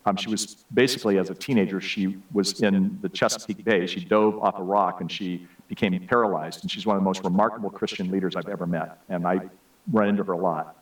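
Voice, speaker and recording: A man's voice: sits low, steady tone, brisk. Guy preaching, jokey self-deprecating stories, mic a bit far off. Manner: humorous, self-deprecating storyteller. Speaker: speaker giving a message. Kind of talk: sermon with personal stories.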